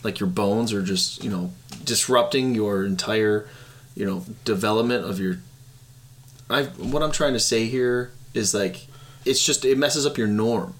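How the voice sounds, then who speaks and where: A man's voice: on the low side, a little slow. A young man co-hosting a sports podcast in casual chat, rambling, often laughing and trailing off mid-sentence. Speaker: podcast co-host.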